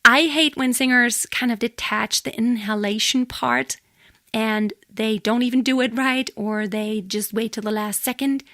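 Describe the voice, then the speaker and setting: A woman with a fairly high voice gives a singing lesson, explaining plainly between short demonstrations. The sound is close and dry, with no room around her. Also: steady tone, measured pace, a bit bright, no echo. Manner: explains plainly, breaks into sung and breathy demonstrations. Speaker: singing teacher. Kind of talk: vocal lesson with sung demonstrations.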